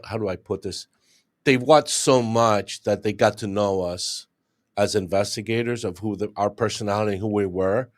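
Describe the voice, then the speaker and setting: Low-voiced retired detective telling stories. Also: male voice. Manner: animated storyteller, acts out what others said. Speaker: retired homicide detective, guest. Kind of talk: casual interview talk.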